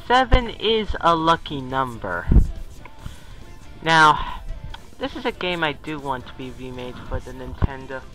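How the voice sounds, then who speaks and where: A man's voice: mid-range voice, bright, forceful tone, rough recording. A young man giving a casual countdown commentary in a chatty, rambling way, often correcting himself. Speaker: video commentator.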